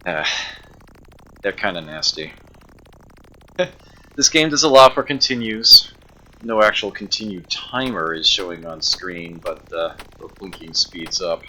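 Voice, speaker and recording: A man streaming old arcade games, chatting casually with viewers, laughing often and filling pauses with uhs. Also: low voice, expressive, sharp tone, poor audio. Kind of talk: casual gameplay commentary. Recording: backup mic, music behind.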